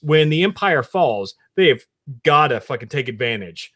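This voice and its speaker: A man's voice: mid-range voice, animated, moderate pace, sharp tone. A man co-hosting a podcast, chatting casually and enthusiastically, swearing often. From New Jersey. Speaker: podcast co-host. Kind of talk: casual chat.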